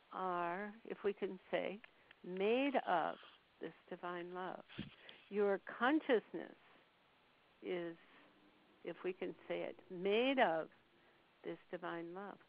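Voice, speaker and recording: Woman channeler, slow and soothing, measured pauses, thin phone-line sound with light hiss. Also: mid-range voice. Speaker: channeler relaying a spirit's words. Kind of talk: slow spiritual channeling on a call. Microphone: phone call.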